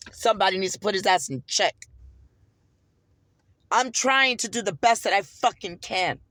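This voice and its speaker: A woman's voice: medium pitch, lively intonation, unhurried, long pauses, a bit bright, dry recording. An American woman ranting in a casual vlog, swearing heavily and sounding heated and indignant. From United States. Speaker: vlogger. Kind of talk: casual storytelling rant.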